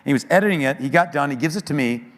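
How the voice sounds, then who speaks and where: A middle-aged American man speaking at a church, telling an emotional story with earnest, animated delivery and quoted voices. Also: fairly high pitch, very fast. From United States. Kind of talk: storytelling talk. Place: large church auditorium. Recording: long hall reverb.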